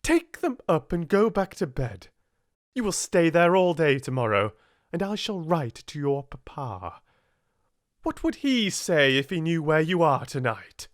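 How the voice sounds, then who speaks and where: A man voicing a stern, furious woman headmistress who scolds in a withering, shrill tone. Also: sing-song, measured pace, no room sound, studio quality. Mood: scolding.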